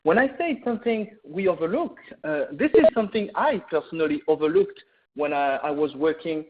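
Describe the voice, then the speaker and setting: A man's voice: fairly high pitch, animated, brisk. French-accented man on a tinny line. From France. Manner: earnest, many "uh" fillers and restarts. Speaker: veterinarian presenting a webinar. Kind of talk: webinar lecture. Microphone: video call or webinar mic. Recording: tinny phone-like webinar audio.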